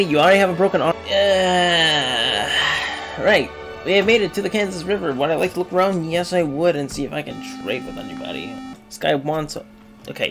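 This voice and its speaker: A young man giving casual, rambling commentary over a retro game, swinging from mumbling asides to loud excited outbursts. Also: on the high side, creaky. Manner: rambling, excitable, yelps and laughs when the game goes wrong. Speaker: gaming video creator.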